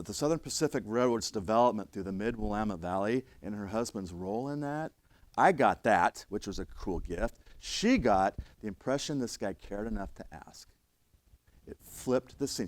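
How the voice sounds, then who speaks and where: A man's voice: medium pitch, dry recording. A man teaching firefighters, telling stories from calls in a conversational lecture style and often checking in with "right?". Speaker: firefighter instructor.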